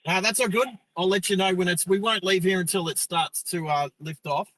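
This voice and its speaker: An Australian man hosting a driving live stream from a car, talking into his phone in a casual, excitable way. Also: high voice, a little fast, low-quality recording. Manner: chatty, excitable narration of what he sees. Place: parked car.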